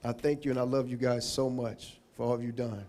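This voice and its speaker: A man's voice: medium pitch, flat delivery, brisk, warm tone. Emotional man giving a heartfelt award speech. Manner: emotional, rambling, thanking people one by one. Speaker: Hall of Fame inductee giving an acceptance speech.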